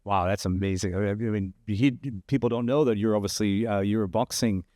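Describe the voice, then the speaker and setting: A man's voice: on the low side, steady tone, brisk, mellow, dry recording, clean studio sound. A man who reacts briefly to a story and asks short questions in a casual conversation.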